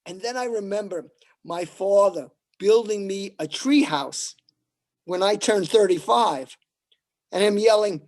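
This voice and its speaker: A man doing stand-up one-liners at an open mic, with a deadpan delivery and pauses before each punchline. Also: high-pitched. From New York.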